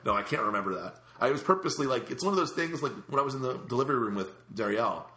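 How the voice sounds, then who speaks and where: A man's voice: mid-range voice, animated, rapid-fire, sharp tone. A man telling a long rambling story in casual chat, with many fillers and restarts. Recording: echoey room.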